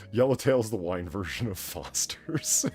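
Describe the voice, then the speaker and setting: Lively chatty male podcast host. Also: on the low side, slow, over loud music. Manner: chatty, reads viewer messages aloud. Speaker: podcast host reading donations. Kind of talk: casual chat.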